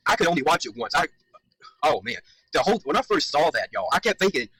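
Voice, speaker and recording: A man's voice: fairly high pitch, sing-song, quick pace, a bit bright, breathy edge, dry recording, low-quality recording. A man giving heated, emphatic commentary, repeating his points and swearing as he argues. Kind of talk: reaction commentary.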